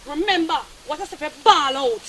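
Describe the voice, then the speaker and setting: A woman's voice: high-pitched, brisk, natural voice. A woman with a Jamaican accent playing a scheming girlfriend who nags and gives orders in patois. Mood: bossy. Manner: nagging, commanding, in patois. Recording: roomy, distant, faint noise.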